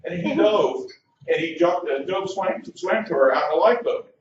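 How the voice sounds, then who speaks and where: Lively high-voiced man doing stand-up. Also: normal speed, background noise. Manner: storytelling with nervous hesitations, leads crowd chants. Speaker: comedian. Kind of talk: stand-up set. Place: comedy club stage. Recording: echoey club heard from far off on a dull mic.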